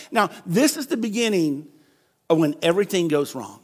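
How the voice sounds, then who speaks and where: A man's voice: high-pitched, very animated, normal speed. A man preaching a conversational sermon, checking in with his listeners and often repeating words. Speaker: pastor.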